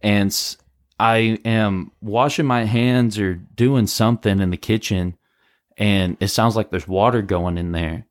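A man co-hosting a podcast, casually telling a ghost story in a rambling, animated way, full of "like" and "bro". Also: fairly low pitch, measured pace, no echo, studio quality. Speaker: podcast co-host.

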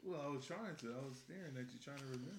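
A man's voice: medium pitch, racing. A man co-hosting a casual chat, joking and playful, swearing freely. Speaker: podcast co-host. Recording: echoey room with faint noise.

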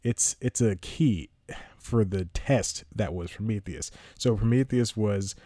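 A man's voice: on the low side, a little slow, warm tone, no echo. A man hosting a podcast, chatting casually about a movie he watched, rambling and cutting himself off, chuckling often. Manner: rambling, self-interrupting, chuckling. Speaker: podcast host. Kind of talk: casual movie review chat.

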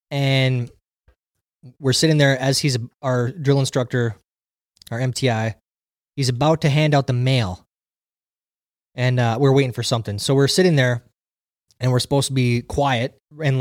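A man's voice: medium pitch, dry recording, studio quality. A young man hosting a podcast, casually telling a funny story and laughing often. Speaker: podcast host.

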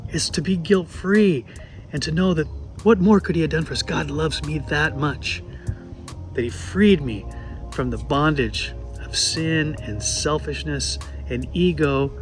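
A man's voice: a little high, poor audio. A man hosting a devotional talk, telling a story in an earnest sermon style and repeating words for emphasis. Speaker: podcast host giving a devotional message.

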